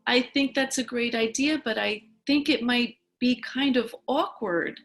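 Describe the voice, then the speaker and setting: A woman voicing a patient mother who gently coaxes her young daughter. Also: on the high side, unhurried, voice pushed up. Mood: gentle. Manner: gentle and coaxing.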